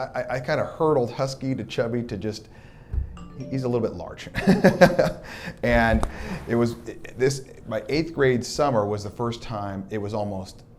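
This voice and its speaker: A man from Southern California tells stories from his youth in an interview. His voice sits a touch low, and he slips into the voices of the people he quotes. There is a faint hum behind him. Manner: lively storyteller who acts out quoted dialogue. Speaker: documentary subject. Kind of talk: reminiscing interview.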